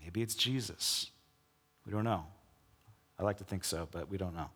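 A man's voice: low-pitched, moderate pace, fairly bright tone, in a large hall, slight background noise. A man preaching a sermon as pastor, reading scripture and then pressing urgent questions on his listeners. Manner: emphatic preacher, rising to urgent appeals.

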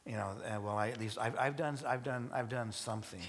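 A male pastor preaching to his congregation, halting with many restarts and light joking asides. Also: mid-range voice, slight background noise. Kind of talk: sermon. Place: church service before a congregation.

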